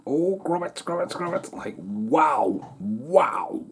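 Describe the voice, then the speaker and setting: A man rambling through casual vlog outtakes at home, telling stories in an excitable way with some swearing. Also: fairly high pitch, slow pace. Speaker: vlogger. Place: home, partly in the attic.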